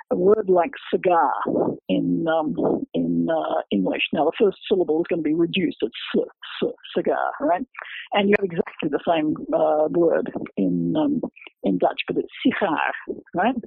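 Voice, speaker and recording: A man, a researcher, explaining his book's findings in an academic, halting way, full of repeated words and fillers. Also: high-pitched, gravelly, husky, no echo. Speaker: researcher discussing his book. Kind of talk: explanatory interview talk. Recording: dry, phone-like radio line.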